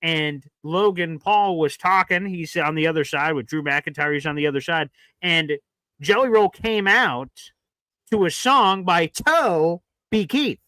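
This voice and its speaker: Bright animated man chatting sports. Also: a little high, measured pace, dry recording. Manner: animated storyteller, acts out his own reactions. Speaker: podcast co-host. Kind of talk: casual sports chat.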